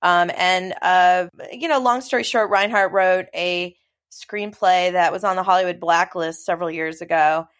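Chatty middle-aged woman telling a story. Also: fairly low pitch. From Los Angeles. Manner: chatty, animated storytelling with quick asides. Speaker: interview guest, film producer. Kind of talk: casual conversation.

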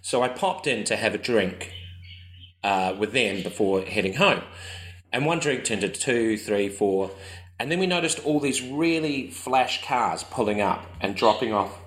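A man's voice: lowish voice, measured pace, reverberant, poor audio. A man, a podcast co-host telling anecdotes in casual chat, acting out other people's voices as he goes. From New Zealand. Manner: animated, acts out voices in anecdotes.

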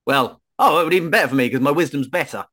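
A man's voice: fairly high pitch, very fast, pushed and bright. A man playing in a tabletop game, playful and self-mocking. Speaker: player. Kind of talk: casual play at a tabletop game.

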